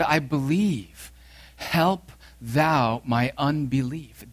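A male pastor giving an earnest sermon, reading scripture aloud and repeating key phrases, his voice swinging from loud emphasis to hushed intensity. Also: medium pitch, slightly rough.

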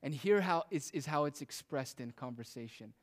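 A man's voice: mid-range voice, animated, normal speed. A man preaching a sermon with emphatic, rising and falling delivery. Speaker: pastor.

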